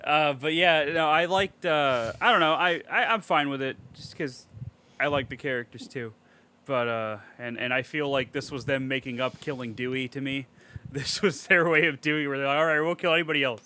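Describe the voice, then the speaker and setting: A man recapping a movie in a casual podcast chat, excitable and swearing a lot. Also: mid-range voice, moderate pace, slight background noise. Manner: excitable, heavy swearing, animated storytelling. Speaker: podcast co-host.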